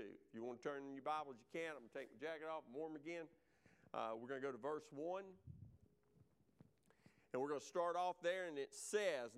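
A male pastor, preaching a sermon to a church congregation. He swings between loud, proclaimed lines and quiet, chatty asides. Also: fairly high pitch, smooth. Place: church sanctuary.

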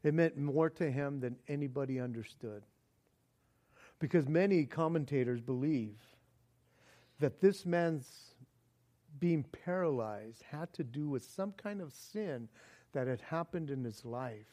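High-voiced male preacher, animated storytelling. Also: measured pace. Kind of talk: sermon.

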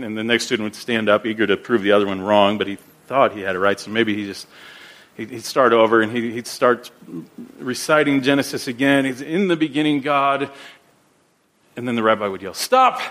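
A man preaching a sermon as pastor, earnest, often repeating words as he builds his points and slowing down for scripture quotes. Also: lowish voice, a bit bright.

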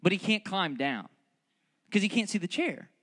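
A man's voice: high voice, big pitch swings, moderate pace, fairly bright tone. A man, preaching a sermon that mixes joking family stories with fervent, repeated calls to the congregation. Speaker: pastor.

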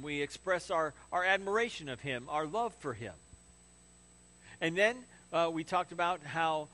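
A man's voice: fairly high pitch, pushed and bright. A man preaching a sermon as pastor in a church. He talks conversationally, throws questions and jokes to the congregation, and mimics stubborn people with rising emphasis. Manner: conversational preaching with audience asides. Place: church sanctuary.

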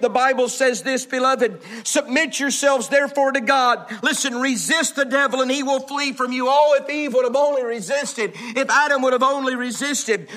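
Male preacher, very high voice, dramatic storyteller pacing. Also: fairly bright tone. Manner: dramatic storytelling, slows for emphasis. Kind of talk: sermon.

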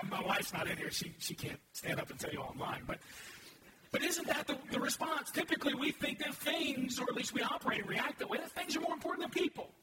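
A man's voice: very high voice, lively intonation, brisk. A man in his thirties preaching a sermon as pastor, talking conversationally and asking the congregation questions. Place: church sanctuary. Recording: echoey, distant, noisy room recording.

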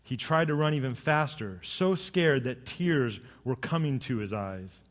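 A middle-aged man, a pastor, giving a sermon with jokes and storytelling that rise to lively emphasis. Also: medium pitch, measured pace, long reverb tail.

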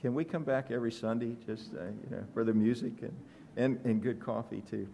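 A man's voice: mid-range voice, steady tone, a little fast, creaky, mellow, slight background noise. A man preaching a sermon, asking the congregation questions and joking with them. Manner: conversational, asks the congregation questions, joking asides.

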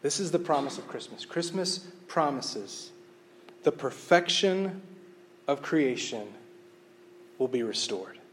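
A man's voice: fairly high pitch, expressive, takes it slowly, long pauses, a little hiss or hum. A man preaching a sermon as a pastor, earnest and often repeating words as he restarts his phrases. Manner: reads scripture aloud.

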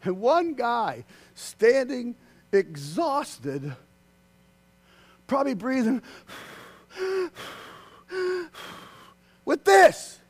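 A man preaching a sermon, swinging from loud, excited outbursts to hushed, quiet passages. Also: very high-pitched, drawn-out words, pauses often, slightly rough.

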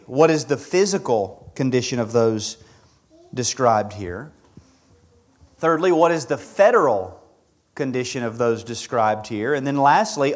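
A man preaching an expository sermon, measured and emphatic, repeating key words for stress. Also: fairly high pitch.

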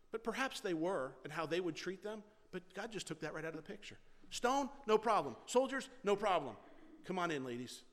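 A man with a slightly high voice preaches a sermon, his words ringing with the long reverb of a large hall. He swings between loud emphasis and hushed, gentle lines. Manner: shifts between loud emphasis and soft quiet delivery. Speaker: pastor.

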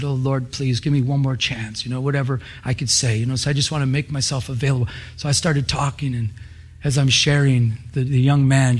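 A pastor telling a story in a sermon, quoting scripture, lively at times and hushed at others. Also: male voice, medium pitch. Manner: animated, quotes scripture, drops to hushed intensity.

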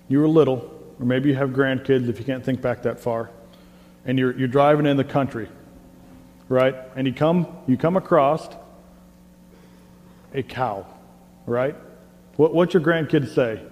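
A man preaching a sermon and leading prayer in a conversational, animated way, often repeating words, recorded on a clip-on mic. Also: mid-range voice, a little slow, long pauses. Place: church service hall. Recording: reverberant hall with faint hum.

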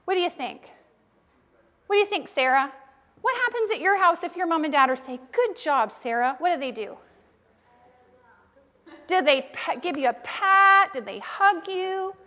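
A woman leading a children's sermon in church, asking the children lively questions and encouraging them. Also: extremely high pitch, normal speed, long pauses, big-room sound. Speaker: pastor leading a children's talk.

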